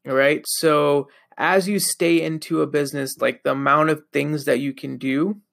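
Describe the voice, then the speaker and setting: A young man hosts his podcast alone, talking loosely and rambling with plenty of fillers. His voice sits a little high and has a gravelly, fried edge. He sounds a bit sleepy. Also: fairly even intonation, unhurried, a bit bright. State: sleepy, yawning. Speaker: podcast host. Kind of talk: casual solo monologue.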